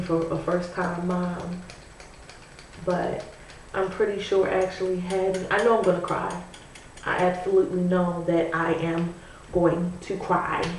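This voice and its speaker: A pregnant woman talks slowly and chattily to camera while curling her hair, often pausing on "you know." Her voice sits back from the mic and rings strongly around the room. A faint hiss runs underneath. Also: lowish voice, a little mellow, far from the mic. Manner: chatty and musing, full of "you know" and "I'm like". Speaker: vlogger. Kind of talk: casual chat to camera. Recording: echoey room, voice away from the mic, faint noise.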